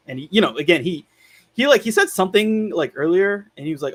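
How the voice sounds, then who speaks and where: A man's voice: fairly high pitch, expressive, fast talker, breathy edge. A man hosting a film podcast, retelling scenes in a loose, rambling way full of "like" and casual swearing. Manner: laid-back, swears casually. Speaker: podcast host reviewing films. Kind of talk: casual chat.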